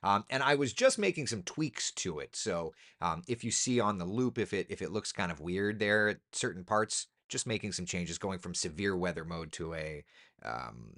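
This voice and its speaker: A TV weatherman talks through the forecast in an easy, chatty way. His pitch swings widely, rising keenly and then dropping low for muttered asides. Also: moderate pace. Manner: relaxed, chatty, thinking aloud with ums and asides. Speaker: TV meteorologist. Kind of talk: casual weather chat.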